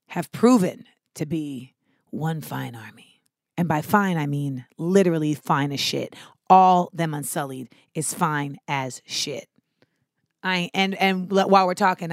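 A woman chatting casually and animatedly, swearing freely and acting out quotes with sudden shouts. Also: sits low, no echo, studio quality. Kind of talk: casual chat about a TV show.

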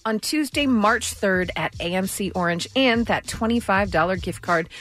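A woman's voice: medium pitch, moderate pace, a bit bright. A woman co-hosting a radio morning show, trading playful, teasing quips in casual studio banter and reading giveaway promos.

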